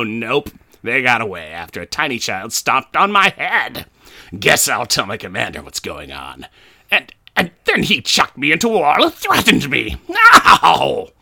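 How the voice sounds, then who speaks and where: A man's voice: medium pitch, vocal fry, pushed and bright, heavily acted. A man voicing a hapless, self-pitying alien soldier who grumbles through a run of bad luck. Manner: whiny, grumbling running monologue. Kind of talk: comic podcast character voice.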